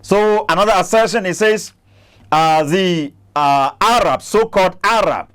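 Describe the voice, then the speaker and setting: A man's voice: high voice, unhurried, a crowd in the background. A man hosting a commentary channel, arguing against a clip he plays, stammering and repeating himself. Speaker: Christian apologist channel host.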